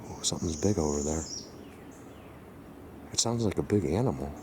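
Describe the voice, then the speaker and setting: A man vlogging on a handheld camera outdoors in the woods, rambling excitedly and talking to his viewers. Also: extremely low pitch, moderate pace. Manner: excitable, rambling, addresses viewers as you guys. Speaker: Bigfoot hunter vlogger. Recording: noisy outdoor camera audio. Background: birds and outdoor ambience.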